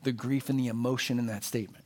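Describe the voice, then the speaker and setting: A man's voice: mid-range voice, fairly even intonation, fast, darkish tone. A man preaching a sermon as pastor, earnest and conversational, leaning on emphatic repetition.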